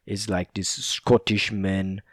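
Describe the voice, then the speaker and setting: A man's voice: deep voice, flat delivery, slow, a bit bright, no room sound, clean studio sound. A young Italian man with an Italian accent, rambling casually in a monologue, laughing often and full of fillers and restarts. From Italy.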